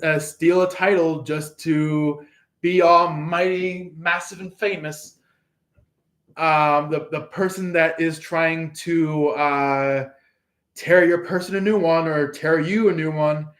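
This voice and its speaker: A man's voice: on the high side, a bit bright. A man giving a casual tarot reading in a rambling way, with many fillers, and acting out quotes in an echoey room. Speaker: tarot reader.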